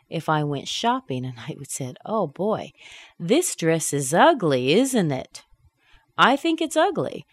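A woman teaching English pronunciation, modelling phrases slowly with exaggerated, sing-song intonation. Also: low voice, a little mellow, no echo. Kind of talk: slow, clear teaching of intonation.

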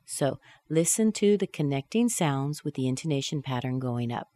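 A woman teaching English pronunciation, modelling short question tags slowly and with clear, exaggerated intonation in a close, dry recording. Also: extremely low pitch, animated, warm tone, no room sound. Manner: carefully enunciated model phrases with exaggerated intonation. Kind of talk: slow, deliberate pronunciation drill.

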